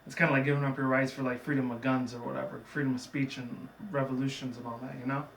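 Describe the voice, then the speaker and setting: A man's voice: medium pitch, level tone, fast talker, gravelly, a bit bright. A man casually recapping a cartoon episode in a chatty, digressive way, with lots of fillers. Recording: roomy, from a distant mic, faint background noise.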